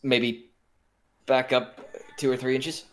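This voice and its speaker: A man playing a tabletop role-playing game in character, wry, halting, restarting often. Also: medium pitch, flat delivery, fairly bright tone. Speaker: player.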